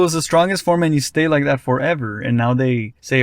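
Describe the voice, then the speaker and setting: A man's voice: medium pitch, animated, brisk, few pauses, dry recording. Rambling man ranting, dry close sound. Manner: rambling, frustrated, dismissive. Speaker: anime commentator. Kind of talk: casual opinion rant.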